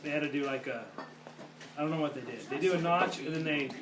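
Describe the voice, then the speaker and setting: A man at a tabletop game night, rambling and halting as he explains things in casual chat. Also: on the high side. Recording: roomy, from far off, noisy.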